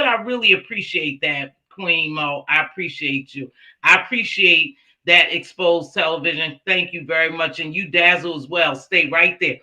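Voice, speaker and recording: Woman livestream host, bright voice, animated casual chat, loud excited bursts. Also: low voice, normal speed, rough recording. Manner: animated, shouting and laughing when excited.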